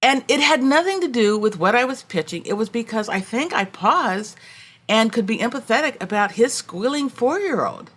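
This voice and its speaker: A woman executive coach appearing as a podcast guest, telling lively anecdotes and acting out the voices of people she met. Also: a little high, normal speed. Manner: storytelling, acts out quoted voices, warm and animated. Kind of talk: conversational interview.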